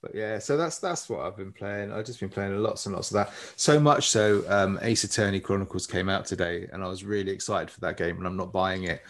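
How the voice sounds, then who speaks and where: A man's voice: deep voice, brisk, few pauses. A man co-hosting a gaming podcast in casual chat, swearing freely and joking at his own expense. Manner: swears freely, wry and self-mocking. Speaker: podcast co-host.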